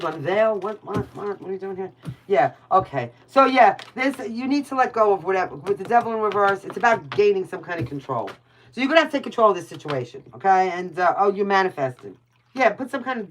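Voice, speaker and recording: A woman's voice: mid-range voice, a little hiss or hum. A woman with a New York accent giving casual, blunt tarot readings on a livestream, chatting with viewers by name and swearing freely. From Brooklyn, New York.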